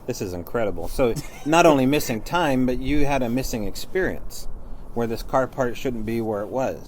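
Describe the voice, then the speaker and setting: A man's voice: mid-range voice, expressive, normal speed, a little hiss or hum. A man hosting an interview, prompting his guest with short questions. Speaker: podcast host.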